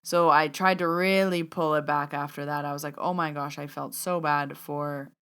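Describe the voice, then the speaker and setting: A woman's voice: low voice, steady tone, normal speed, fairly bright tone, clean tone. A woman podcast host who works as a medium tells a story in a casual, chatty way, filling her talk with "like" and acting out her own thoughts. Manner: chatty, frequent "like" fillers, acts out her inner thoughts.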